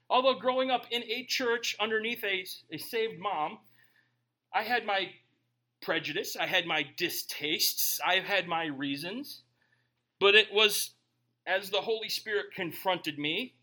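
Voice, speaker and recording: A middle-aged man preaching a humorous sermon, joking with the congregation and swinging between quiet asides and loud bursts. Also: high voice. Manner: animated, joking, bursts of shouting.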